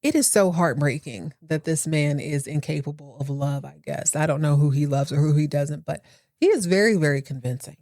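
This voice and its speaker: A woman's voice: sits low, normal speed, mellow, no echo, clean studio sound. A woman hosting a podcast, giving a comic recap of a soap opera with sassy, slangy asides. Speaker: podcast host. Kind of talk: comedic TV recap.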